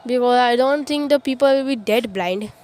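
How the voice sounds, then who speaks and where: A woman rambles through a fan-made ninja story, stopping and restarting and leaning on the same filler phrase again and again. Her voice sits a bit high for a woman, with a faint hiss of background noise. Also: normal speed, a little mellow. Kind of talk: casual retelling of a fan story.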